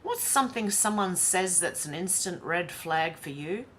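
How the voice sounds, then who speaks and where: A woman's voice: on the low side, lively intonation, normal speed, fairly bright tone, a little hiss or hum. Chatty Australian woman vlogger. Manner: chatty and wry, with sighs and asides. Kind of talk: casual commentary reading social media posts aloud.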